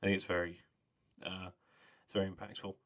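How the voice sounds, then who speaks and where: A man's voice: low voice, little pitch movement, brisk, a bit bright. A young man co-hosting a podcast, chatting casually with laughs and trailing mumbles. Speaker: podcast co-host. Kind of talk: casual chat.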